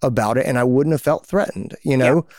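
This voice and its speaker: A man's voice: mid-range voice, fairly quick, darkish tone, no echo. Chatty male podcast co-host, dry sound. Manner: conversational, spins little hypothetical stories. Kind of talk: casual advice chat.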